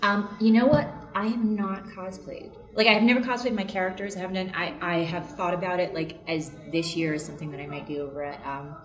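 Animated woman storyteller, echoey room. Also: fairly low pitch, a little fast, few pauses. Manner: animated, laughing, acts out voices in anecdotes. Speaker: voice actress guest. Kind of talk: casual storytelling interview. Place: convention interview room.

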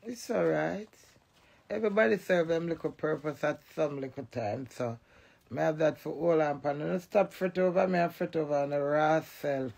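A middle-aged woman in a blunt, profane, animated casual rant to the camera. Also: low voice, normal speed, creaky.

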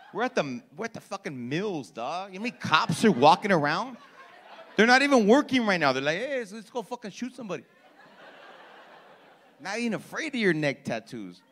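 A male stand-up with a high-sitting, fairly bright voice works the room with brash, profane crowd work. The comedy club audience laughs along.

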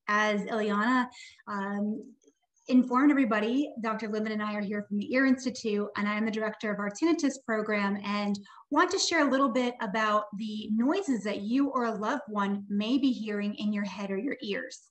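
A woman audiologist giving a clear, friendly webinar talk as a tinnitus program director. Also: mid-range voice, moderate pace. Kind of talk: webinar presentation.

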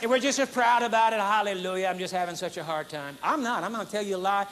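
A man's voice: high-pitched, fast, a bit bright. A man preaching a sermon at a conference, mixing humor with acted-out demonstrations. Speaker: pastor. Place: large conference hall. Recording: faint noise, 1980s conference recording.

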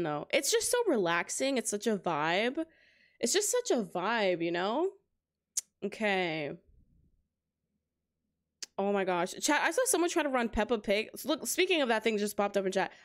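A young woman hosting a gaming livestream, chatting casually to her viewers in a bubbly, rambling way with many fillers and laughs, on a desk mic at home. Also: medium pitch. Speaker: livestream gamer host. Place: home streaming setup. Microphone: desk microphone with high gain.

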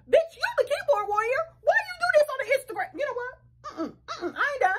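A woman talking in a casual reaction vlog, blunt, sassy and profane, with quick talkative asides. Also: extremely high pitch, big pitch swings. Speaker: vlogger reacting to a reality show.

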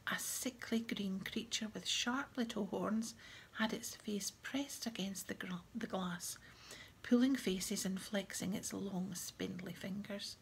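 Gravelly woman reading an audiobook softly. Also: medium pitch, takes it slowly, slight background noise. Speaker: audiobook narrator.

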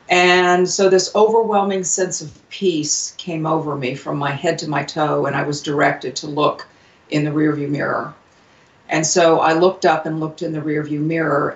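A woman guest on a radio show, telling a personal story earnestly with many pauses, fillers and restarts. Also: low-pitched. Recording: distant, roomy, dull lo-fi sound.

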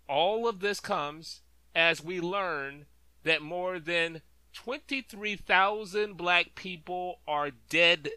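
A male host gives an impassioned, emphatic commentary monologue and hammers his points through repetition. His voice is high and very bright. The sound is dry and close, with no room around it. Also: dry recording. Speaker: talk show host.

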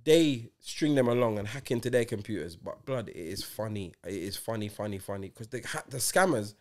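Animated man in his forties. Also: on the low side, fairly quick. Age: 40s. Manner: animated, insistent storyteller. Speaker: podcast co-host. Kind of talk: casual banter.

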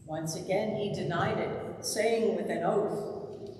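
A lector narrating a Passion gospel reading in a church, slow and formal. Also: medium pitch, fairly even intonation, darkish tone, a little hiss or hum. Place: church sanctuary. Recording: echoey church from far off.

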